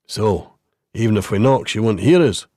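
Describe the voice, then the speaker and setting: A man's voice: on the low side, expressive, moderate pace, mellow, dry recording, clean studio sound. A man voicing a terse, wry veteran male police detective in an audiobook. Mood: dry.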